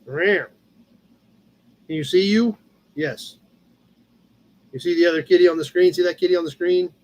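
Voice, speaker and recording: Man putting on soft coaxing pet-talk voice, meows, high and hushed. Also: normal speed, close to an everyday voice. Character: cutesy voice talking to a pet cat.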